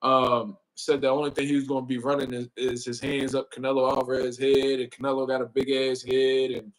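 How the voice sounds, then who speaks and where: This boxing livestream host speaks fairly quickly in a monotone, medium-pitched voice over poor audio. Casual and rambling, he swears and uses slang, greets viewers in chat, fills pauses with "you know what I mean," and draws his desk mic closer.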